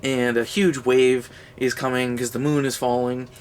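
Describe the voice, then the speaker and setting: Young man, sarcastic, rambling movie rant, sweary, middle-pitched voice. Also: little pitch movement, moderate pace, a little hiss or hum. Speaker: movie reviewer. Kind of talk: casual comedic movie review.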